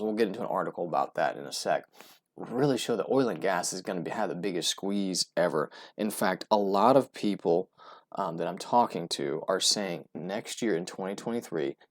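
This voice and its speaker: An American man giving casual solo commentary on oil prices, talking loosely with many fillers, restarts and "right?" asides. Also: low-pitched. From United States. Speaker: oil and gas investment commentator.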